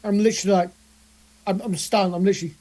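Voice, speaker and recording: A woman playing a tabletop role-playing game, talking excitedly with quick rambling asides. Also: medium pitch. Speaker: player.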